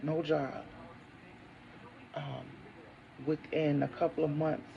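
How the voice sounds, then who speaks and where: A woman's voice: low-pitched, level tone, slow, gravelly, muffled recording, a little hiss or hum. A woman in her thirties, a single mother talking to her viewers at home, mixing casual chat with declarations of faith. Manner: preachy, declaring faith, talks to viewers as honey. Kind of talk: casual testimony vlog. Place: home, indoors.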